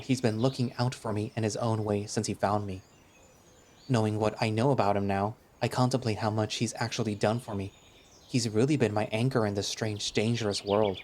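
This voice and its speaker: A man's voice: lowish voice, darkish tone. A man narrating a visual novel in the first person, in a casual, chatty way that turns hesitant in dialogue.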